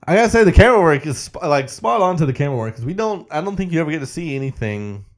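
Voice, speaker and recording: A man co-hosting a podcast, casually recapping a movie in an animated way and laughing often. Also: fairly high pitch, rapid-fire. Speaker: podcast co-host.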